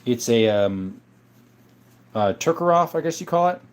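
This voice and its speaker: A relaxed man hosts a live stream in a loose, conversational way. He reads viewer comments aloud and answers each one, often pausing with an "uh" or "um" along the way. His voice sits at an ordinary middle pitch. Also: smooth. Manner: relaxed, with frequent uh and um. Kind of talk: casual live-stream chat.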